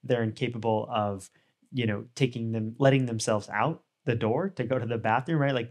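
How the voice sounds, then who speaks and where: Conversational man explaining dog training. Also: mid-range voice. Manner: conversational, frequent "you know" and "right?"; explains with everyday examples. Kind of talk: casual instructional talk.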